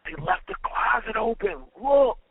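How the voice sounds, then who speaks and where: Man playing a slangy excited prison inmate. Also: high voice, measured pace, breathy edge, pitched above the performer's own voice, heavily acted. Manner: slangy, urgent street talk. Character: excited streetwise male prison inmate coworker. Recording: tinny phone-like line.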